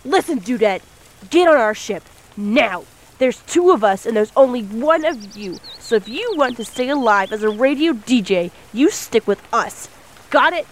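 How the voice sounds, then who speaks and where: A woman's voice: fairly high pitch, lively intonation, moderate pace, close to an everyday voice. A woman playing a bossy, bloodthirsty female pirate in a comedy audio sketch. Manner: bossy, crude.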